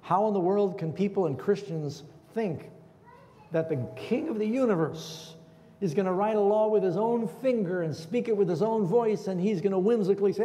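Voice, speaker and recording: Guy preaching in a church, mellow voice, keeps asking the crowd questions, echoey hall. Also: sits high, moderate pace, a little hiss or hum. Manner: asks the congregation questions. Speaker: pastor. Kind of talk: sermon.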